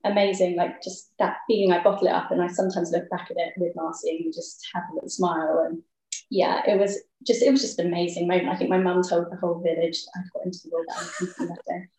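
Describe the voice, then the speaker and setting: A young woman, a ballet dancer, talking thoughtfully in a casual interview with many pauses and ums. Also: lowish voice, little pitch movement, warm tone. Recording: echoey room.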